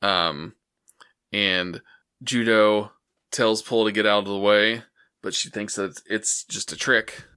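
A man calmly retelling an anime plot in casual chat, stringing his story together with "and, uh". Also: fairly low pitch, slow pace, clean tone. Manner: steady storytelling with many "and, uh" fillers. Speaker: podcast co-host.

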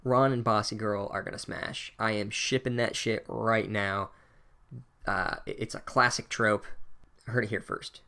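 A man's voice: fairly low pitch, steady tone, measured pace, sharp tone, clean tone. A young man giving a sarcastic, profane comedic book recap with wry asides. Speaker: podcast host reviewing a book.

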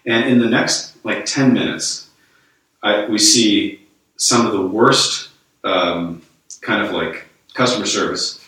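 A man's voice: lowish voice, slow, bright, forceful tone. An American man, a priest, telling a rambling story in casual conversation, with lots of fillers. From United States. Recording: echoey room, distant mic.

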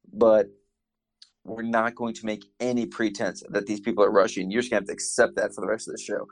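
A man chatting casually, telling animated stories with quoted asides. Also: mid-range voice, quick pace, gravelly. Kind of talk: casual chat.

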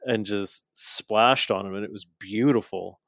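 Lower-voiced man recapping wrestling matches. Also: fairly even intonation, a little slow, fairly bright tone, no echo, studio quality. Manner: enthusiastic storytelling, acts out wrestlers' lines; frequent fillers and restarts. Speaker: wrestling show co-host. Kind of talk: casual recap chat.

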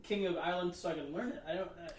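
A man co-hosting a comedy podcast, talking in a hesitant, halting way. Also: high voice, a crowd in the background. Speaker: podcast co-host. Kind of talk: casual comedic podcast banter. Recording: roomy, faint background hiss.

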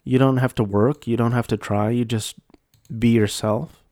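A man hosting a solo podcast in a mid-pitched voice. He wanders from point to point with wry, self-mocking jokes. The sound is close and dry, with no room echo. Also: fairly even intonation, moderate pace, a little mellow. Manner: rambling, joking, self-mocking asides. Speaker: podcast host. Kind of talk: casual solo podcast monologue.

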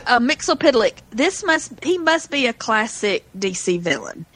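A woman's voice: a little high, sing-song, unhurried, fairly bright tone. A woman co-hosting a casual chat, chatty and enthusiastic. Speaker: podcast co-host.

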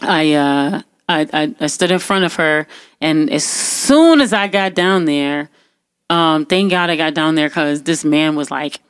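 A young woman telling a personal story in casual talk, animated and full of fillers and restarts. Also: low voice, unhurried, smooth, dry recording, studio quality. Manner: animated, acts out quotes, many fillers and restarts.

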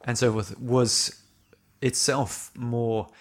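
A man's voice: medium pitch, flat delivery. Man thoughtfully picking his words. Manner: thoughtful, searching for words, halting repeats. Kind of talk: casual film discussion.

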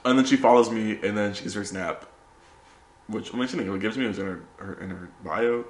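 A young man, a podcast host, telling animated stories in casual chat and saying "bro" a lot. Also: on the low side, quick pace, reverberant, a little hiss or hum. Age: young adult.

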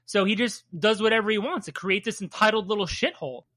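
A comic podcast co-host talks through the issue in a relaxed, candid way, slipping into dry sarcasm now and then. The voice is bright and forward, with a medium pitch. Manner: measured, candid, playfully sarcastic. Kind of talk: casual chat.

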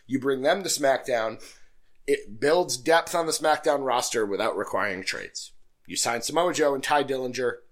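A man's voice: mid-range voice, normal speed. A man co-hosting a casual podcast, joking around and reading listener emails aloud. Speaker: podcast co-host. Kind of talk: casual chat.

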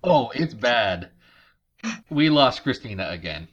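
A man's voice: medium pitch, very animated, slow pace, fairly bright tone, dull audio. A man hosting a podcast, recapping a movie in casual chat with sarcastic asides over a remote call. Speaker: podcast host.

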